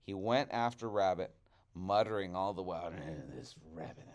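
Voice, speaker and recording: A male teacher reads a storybook aloud to a group of children in a low voice at a normal speed, with crowd noise around him. His delivery is expressive and chatty, and he pauses for asides with the class.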